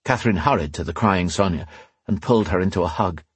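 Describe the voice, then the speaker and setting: A male narrator giving a measured, dramatic reading of a fantasy audiobook on a close mic. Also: sits low, breathy edge, no room sound.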